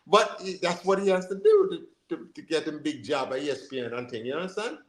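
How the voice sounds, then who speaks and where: A man's voice: a little high, brisk, a little hiss or hum. Rambling man, roomy sound. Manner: animated, rambling, full of fillers and asides. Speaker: podcast co-host. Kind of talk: casual chat. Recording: roomy echo.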